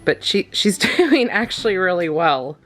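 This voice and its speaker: A woman with a fairly low voice walks through a dog-training lesson in a casual vlog, chatty and quick to laugh. She coos praise at her dogs between explanations, with soft music faintly underneath. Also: very animated.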